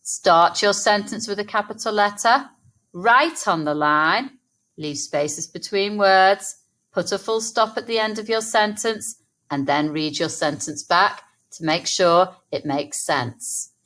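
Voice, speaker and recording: An English woman teaching a phonics lesson to young children, sounding out words slowly and encouragingly. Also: medium pitch, a bit bright. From England. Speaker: primary school teacher.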